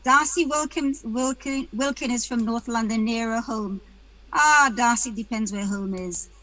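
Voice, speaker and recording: A woman's voice: fairly high pitch, measured pace, sharp tone, poor audio. A woman from the UK hosting an online panel, chatting casually and greeting attendees by name with light jokes over a video call. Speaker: webinar host.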